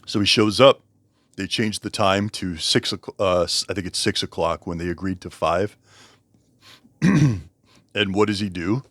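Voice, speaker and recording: A man's voice: sits low, fairly even intonation, moderate pace, long pauses, a bit bright, dry recording. A man casually reviewing a book, rambling, correcting himself and chuckling as he talks. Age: over 20.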